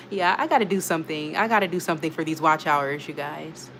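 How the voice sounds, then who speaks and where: A woman's voice: low-pitched, fairly bright tone, slight background noise. A woman hosting a casual live stream, chatting and laughing as she reads out comments from her viewers. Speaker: livestream host reading chat.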